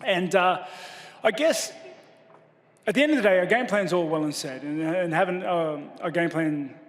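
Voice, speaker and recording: A man answering questions as a fighter at a press conference, modest and halting with many restarts. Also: sits high, in a large hall.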